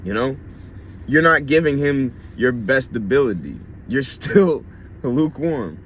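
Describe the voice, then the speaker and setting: A man's voice: mid-range voice, lively intonation, a little slow, a bit bright, a little hiss or hum. A man preaching a casual sermon in a blunt, conversational way, with swearing and slang.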